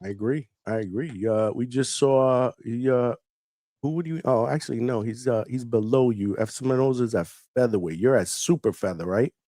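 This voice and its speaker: A man hosting a live call-in show with a mid-range voice and a dry, close-up sound. He is upbeat, laughs easily and keeps the talk moving with quick affirmations. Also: medium pitch, dark tone, no room sound. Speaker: host.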